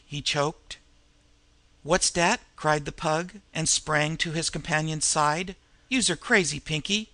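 A man narrating a crime novel as an audiobook, in a steady, measured reading. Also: fairly high pitch, creaky, dry recording.

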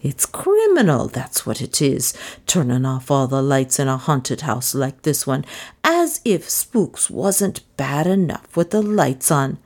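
A timid housemaid who frets and pleads in a plaintive voice, sure the house is haunted. A woman narrator puts her on, and the voice sounds set back from the mic. She is lively in pitch. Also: unhurried, full character voice. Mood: fretful pleading. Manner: pleading, fretful.

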